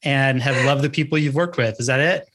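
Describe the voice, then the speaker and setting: A man's voice: medium pitch, a little fast, fairly bright tone, breathy edge. A man hosting a podcast interview, friendly and encouraging, asking questions in a casual way. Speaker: podcast host.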